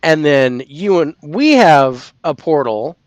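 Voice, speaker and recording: A podcast co-host with a high voice that swoops up and down as he tells a story. He acts out his own shocked outbursts. The sound is close and dry, with no room behind him. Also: sing-song, takes it slowly, dry recording. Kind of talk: casual paranormal podcast chat.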